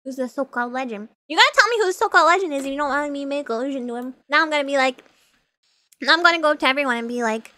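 A woman's voice: high-pitched, animated, rapid-fire, bright, forceful tone, no echo. A young woman streaming a video game, chatting casually and giggling as she reacts to what happens on screen. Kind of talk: casual gameplay commentary. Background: game music.

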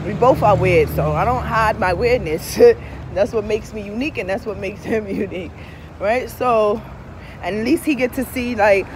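Young woman, candid vlog storyteller, swears and laughs, voice swings high to low, faint traffic outside. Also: moderate pace. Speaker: vlogger. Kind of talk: candid casual storytelling to camera.

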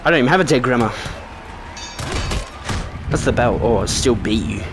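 Excitable man trash-talking while gaming. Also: mid-range voice, moderate pace, noisy background. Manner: joking trash talk, excitable outbursts. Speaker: gaming video host. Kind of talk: let's-play commentary. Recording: game music playing behind.

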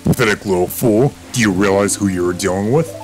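A man reading the lines of an arrogant male villain king from a video game in his own plain, lowish voice. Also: brisk, a little mellow, faint music behind, natural voice, poor audio. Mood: taunting.

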